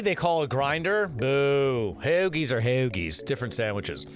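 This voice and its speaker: A man's voice: lively intonation, measured pace, faint music behind. A young man hosting a casual food show, rambling and swearing freely as he reads out a list. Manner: rambling, loose and profane, big jumps in pitch on words read out. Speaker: host. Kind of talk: casual chat.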